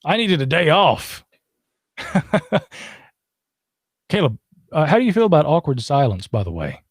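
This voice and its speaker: Man, call-in podcast host, upbeat and chatty, fairly high voice, dry close sound. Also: huge pitch swings, a little slow, breathy edge, no echo. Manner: upbeat, chatty, frequent fillers. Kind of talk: casual call-in show chat.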